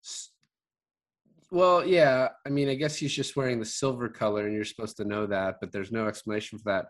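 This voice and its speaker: A man in a relaxed movie review chat. He rambles, restarts his sentences and fills the gaps with ums and likes. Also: medium pitch, fairly quick. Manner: rambling, many fillers and restarts, laughs often. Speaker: podcast co-host.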